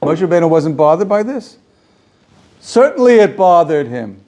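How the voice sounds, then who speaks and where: A man teaching a Torah class as a rabbi, animated and rhetorical, asking questions and repeating phrases for emphasis. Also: on the high side, normal speed. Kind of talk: Torah lecture to students.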